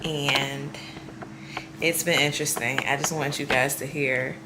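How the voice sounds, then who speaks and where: A woman talks to her camera in a loose, chatty vlog style, recounting her day with amused exasperation. Her voice sits on the lower side. The room around her is roomy and echoey, with a faint hiss of noise beneath. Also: fairly even intonation, a little slow. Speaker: vlogger.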